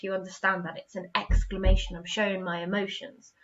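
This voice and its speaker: A woman's voice: medium pitch, flat delivery, brisk, muffled recording, a crowd in the background. An English woman teaching a recorded online lesson to young children, encouraging and acting out example sentences with expression. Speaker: primary school teacher.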